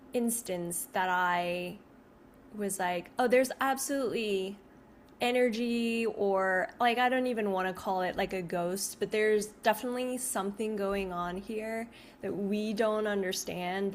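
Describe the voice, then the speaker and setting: A woman talks casually straight to her audience, circling back and restarting her sentences as she goes. Her pitch sits in a middle range and she leans on "like" constantly. A faint hum of background noise sits under her voice. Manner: rambling, heavy use of "like", frequent restarts. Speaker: video creator. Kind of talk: casual storytelling to camera.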